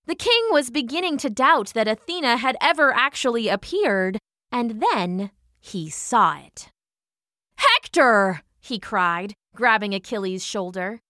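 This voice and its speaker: A woman storyteller reading a story aloud in an expressive, dramatic way. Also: on the high side, no room sound, clean studio sound.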